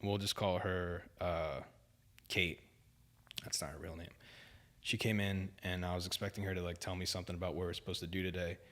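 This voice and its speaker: A man's voice: low-pitched, little pitch movement, fairly quick, a bit bright. A young man, a podcast guest, telling a story in a casual, rambling way, full of "like" and "dude". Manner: rambling, filler-heavy, says "like" and "dude" often.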